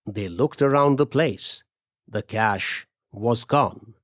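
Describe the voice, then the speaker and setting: Slow, deliberate male storyteller. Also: mid-range voice, no room sound, clean studio sound. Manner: measured, deliberate. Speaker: narrator. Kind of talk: storytelling podcast narration.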